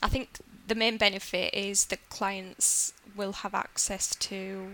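A woman's voice: medium pitch, flat delivery, slow, sharp tone. A woman with a Yorkshire accent, a business development manager explaining her work plainly as a podcast guest. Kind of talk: podcast interview answers.

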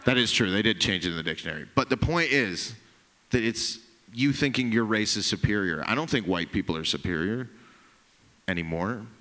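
Teasing the crowd during his stand-up set, this brash, profane comic speaks a little fast with lively, wide-ranging intonation and a bright, forceful delivery. A faint hiss and the club's long reverb trail behind his voice.

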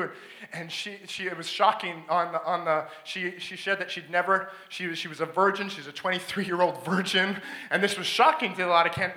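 A man from Alberta, Canada, preaching a sermon in a church, telling stories with excitable energy, laughing often and building to shouts. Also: high-pitched. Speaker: guest preacher. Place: church sanctuary. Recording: echoey church hall.

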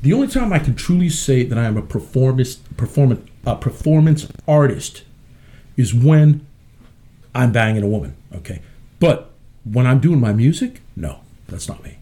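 A man's voice: medium pitch, sing-song, moderate pace, mellow. A man being interviewed as a musician, talking in a brash, rambling, profane way. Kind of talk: casual interview chat.

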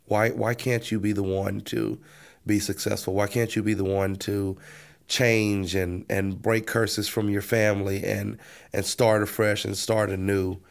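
Gravelly low-voiced pastor telling his story. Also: little pitch movement, unhurried. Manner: earnest storytelling, repeats words as he restarts, acts out his own past words. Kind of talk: personal testimony in an interview.

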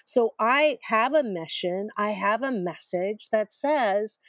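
A woman's voice: medium pitch, animated, slow, hardly any pauses, no echo. A middle-aged woman telling her personal story as an author in an interview, emphatic and repetitive, with self-deprecating humor. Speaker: author and guest.

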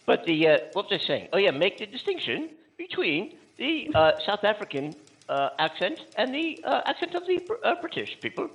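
A male co-host chatting casually, his pitch leaping all over and his voice gravelly. He talks haltingly, stopping and restarting with lots of fillers and laughter. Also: wildly swooping pitch, low-quality recording. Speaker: talk show co-host. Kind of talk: casual chat.

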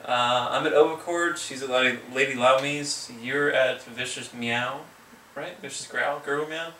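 A man hosting a podcast in casual chat, rambling quickly and swearing casually. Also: mid-range voice, fairly even intonation, sharp tone. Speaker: podcast host. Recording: echoey room, distant mic, faint noise.

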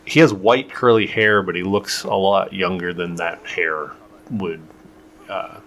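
Deep-voiced man running a tabletop game. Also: steady tone, unhurried, a bit bright. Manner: loose, rambling, full of fillers. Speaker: game master.

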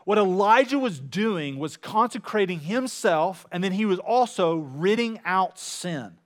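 A man preaching a sermon, retelling a scripture story with lively swings between loud emphasis and hushed reading. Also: sits high, measured pace. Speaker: pastor.

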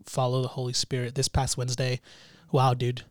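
A man's voice: mid-range voice, completely flat delivery, no echo, clean studio sound. A young man chatting casually and enthusiastically on a podcast, with lots of "like", restarts and laughter. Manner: enthusiastic, filler-heavy, quick to laugh.

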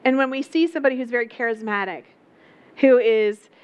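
A woman's voice: fairly high pitch, a little fast, clear, resonant tone, dull audio. A woman preaching a sermon, telling a story with emphatic repetition.

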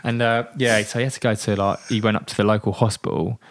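A man's voice: on the low side, quick pace, no echo, clean studio sound. Chatty man telling war stories. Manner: animated anecdotal, many fillers and restarts. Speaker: guest, veteran. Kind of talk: storytelling in a podcast interview.

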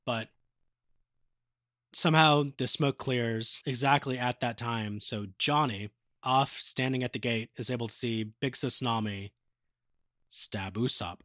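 A man's voice: mid-range voice, unhurried, sharp tone, no echo, studio quality. A man co-hosting a podcast, casually retelling anime episodes with a swearing, joking manner. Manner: casual, profane retelling, acting out quotes. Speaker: podcast co-host.

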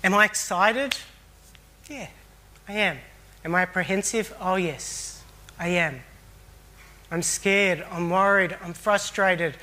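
A man's voice: sits high, slow, long pauses, sharp tone. A man preaching a sermon in an earnest, reflective way, often repeating phrases for emphasis.

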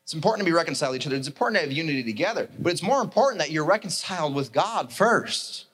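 A male pastor preaching with lively, animated energy, slipping into character voices as he tells a story. His voice sits a bit higher than most men's. He moves between storytelling and urging his listeners on. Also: very fast, slightly rough. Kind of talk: sermon.

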